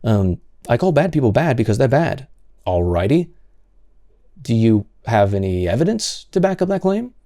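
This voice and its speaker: Exasperated man ranting, dark dry voice. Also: mid-range voice, big pitch swings, normal speed, no echo. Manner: exasperated, sarcastic, stammering restarts. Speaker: commentary host reading and answering comments. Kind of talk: heated solo commentary.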